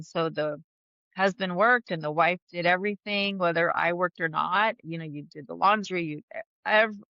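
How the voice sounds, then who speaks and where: A woman with a lowish, fairly bright voice is a podcast guest in a candid conversational interview. Chatty and open, she laughs often and restarts her sentences; the recording is dry and dull.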